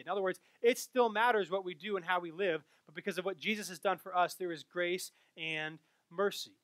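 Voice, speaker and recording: A young adult man giving a sermon as a pastor, telling stories in an animated way that rises and gets louder at the punchlines. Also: sits high, fairly quick, hardly any pauses, no room sound. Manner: animated storytelling, rising loud at punchlines.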